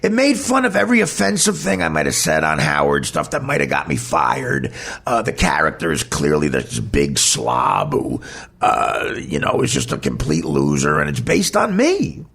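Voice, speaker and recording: A man's voice: rumbling low, huge pitch swings, moderate pace, gravelly, a bit bright, breathy edge. A man, a comedian hosting a podcast, telling a candid personal story in a blunt, emphatic, heated way.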